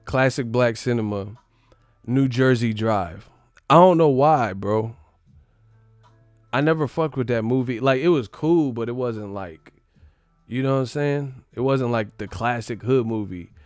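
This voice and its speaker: A man chatting casually on a livestream, animated and profane, laughing often. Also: medium pitch, unhurried, no room sound, soft background music.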